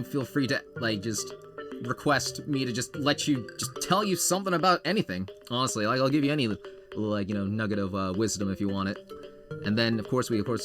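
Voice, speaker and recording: A man hosting a charity game stream, reading the characters aloud in many voices and chatting loosely. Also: medium pitch.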